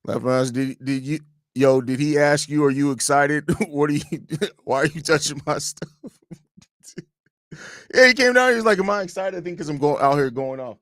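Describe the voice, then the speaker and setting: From his home, a basketball fan podcast host runs a casual live-streamed sports talk show, full of opinions and meandering sentences he keeps starting over. His voice is a little high and fairly bright, at a moderate pace. The recording is studio quality with no room sound.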